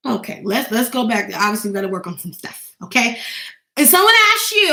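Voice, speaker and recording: A woman business coach giving an animated motivational talk, acting out quoted voices and often asking "okay?". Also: high voice, brisk, roomy sound, rough recording.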